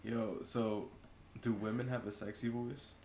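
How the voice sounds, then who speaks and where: A man's voice: medium pitch, little pitch movement, a little slow, darkish tone, a little hiss or hum. A man hosting a casual podcast chat, talking in a loose, rambling way and laughing often. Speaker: podcast host.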